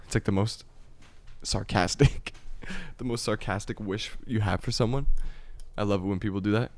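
A man's voice: fairly low pitch, normal speed. A man talking in casual, rambling chat, swearing freely and laughing at his own points.

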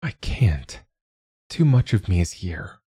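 A man voicing an earnest, heartfelt young woman librarian, speaking in a halting, emotional way. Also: low-pitched, very animated, mellow, husky, dry recording, full character voice.

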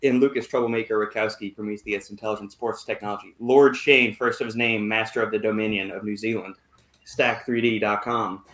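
A man's voice: fairly low pitch, steady tone, brisk, a bit bright. A man hosting a casual podcast, introducing his co-hosts with playful, theatrical flourishes. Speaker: podcast host. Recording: echoey room.

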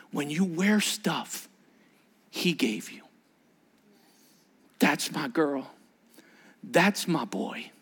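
A middle-aged man preaching a sermon as pastor, telling stories with voiced quotes and dropping to a hushed near-whisper for emphasis. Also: fairly high pitch. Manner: animated storytelling with voiced quotes and asides.

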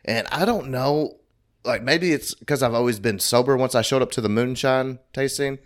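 A man's voice: medium pitch, moderate pace. A man casually telling a long, rambling, profane story to his podcast co-hosts. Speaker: podcast co-host.

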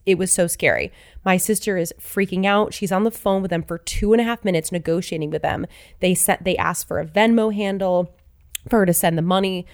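Woman, stuffy cold, sniffling, lowish pitch, dry sound, animated storytelling. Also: moderate pace, no echo. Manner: animated storytelling, quotes family members. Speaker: podcast co-host. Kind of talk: casual chat.

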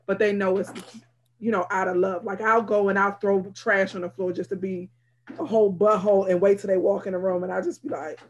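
A woman teacher talking in a relaxed podcast conversation. She tells stories in a playful, teasing way, and her voice sits in the middle range. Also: mid-range voice, brisk, dull audio, a little hiss or hum. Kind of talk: casual chat.

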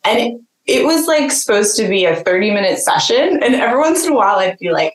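A woman's voice: medium pitch, sing-song, fast talker, few pauses. A woman guest telling a personal story in a casual, chatty way, full of "like" fillers and frequent laughter. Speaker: podcast guest, jeweler. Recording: roomy echo.

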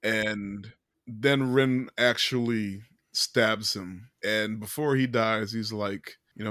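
A man's voice: fairly low pitch, fairly even intonation, takes it slowly, pushed and bright, no echo, studio quality. Laid-back man steering a podcast. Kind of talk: casual movie review chat.

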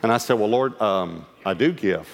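A male pastor, telling a story from the pulpit with lively acted-out dialogue and sudden hushed asides. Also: fairly low pitch, moderate pace, gravelly. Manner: animated storyteller acting out dialogue; drops to a hush for quoted lines. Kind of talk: storytelling sermon. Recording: long hall reverb.

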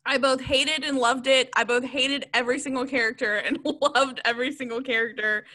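A woman's voice: high-pitched, fairly even intonation, brisk, pushed and bright. A woman co-hosting a podcast, giving a rambling, giggly and frank book review in casual chat.

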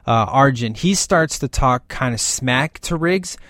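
A man talking casually and with excitement through a movie's scenes, gushing as he goes and often tagging "man" onto his lines. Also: medium pitch, unhurried, no room sound, studio quality. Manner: gushing and animated, keeps saying "man". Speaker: film commentator.

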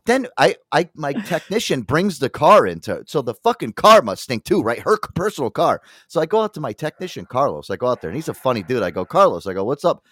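Male radio host, profane animated storyteller, lively pitch, dry close sound. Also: fast, hardly any pauses, no room sound. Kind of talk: casual talk-radio banter.

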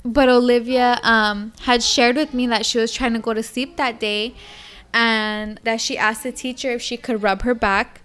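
A young woman chatting casually and telling a story in an animated way, acting out a little child's lines. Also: on the high side, moderate pace, clean tone. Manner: animated storyteller, acts out her toddler's lines. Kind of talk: casual chat.

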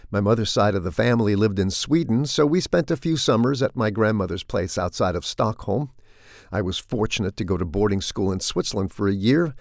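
A middle-aged man delivering scripted comic commentary with a dry, wry, deadpan manner. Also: mid-range voice, creaky, dry recording. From United States. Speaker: commentator hosting a weekly segment.

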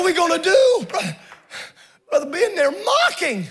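A man pastor preaching a fiery sermon in a church, often shouting in a rhythmic preaching cadence. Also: extremely high pitch, animated, moderate pace, over music, a crowd in the background. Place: church sanctuary with congregation.

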